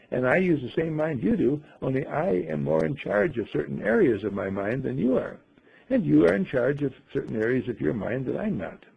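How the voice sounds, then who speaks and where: A man voicing a calm, wise talking bird that lectures patiently, with a husky, gravelly voice. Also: mid-range voice, highs cut off, exaggerated voice.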